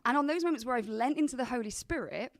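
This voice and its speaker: A woman's voice: on the high side, animated, quick pace, no echo. A woman in a casual podcast discussion, speaking earnestly and with emphasis. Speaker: podcast guest.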